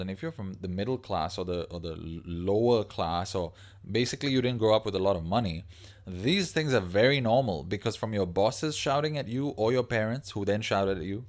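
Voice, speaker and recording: A man hosting a livestream, talking casually and rambling, reading viewer comments aloud as he goes. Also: lowish voice. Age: adult parent of a young child. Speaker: livestream host.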